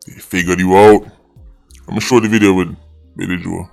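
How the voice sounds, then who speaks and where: A man's voice: low-pitched, fairly even intonation, moderate pace, creaky, over music. A man with a Jamaican accent hosting an opinionated commentary vlog, indignant and slipping between patois and English. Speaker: vlogger host.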